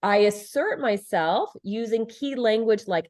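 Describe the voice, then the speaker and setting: An emphatic middle-aged woman explains things as a guest on a conversational podcast, where she appears as a leadership and relationship expert. Her mid-range, slightly mellow voice is animated and fairly quick. Earnest in manner, she repeats phrases for stress and acts out quoted lines.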